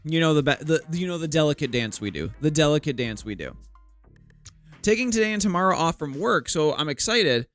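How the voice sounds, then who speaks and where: Young male artist live-streaming on a desk mic; chatty, bouncy, high-ish voice, jokey and loose. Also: very animated, brisk, fairly bright tone, faint music behind. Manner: chatty, greets and answers viewers, self-deprecating jokes. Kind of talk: casual live-stream chat. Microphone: desk microphone.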